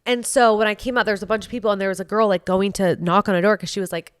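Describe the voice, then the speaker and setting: A woman's voice: medium pitch, steady tone, very fast, clean tone, no room sound, clean studio sound. Chatty woman telling a long story. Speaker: podcast co-host. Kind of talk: casual chat.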